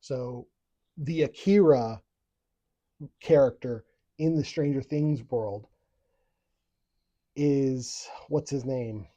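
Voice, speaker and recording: A man from Appalachia co-hosting a podcast, chatting quickly and stumbling into restarts. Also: medium pitch, warm tone, no echo. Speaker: podcast co-host. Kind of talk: casual chat. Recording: dry, dull lo-fi mic.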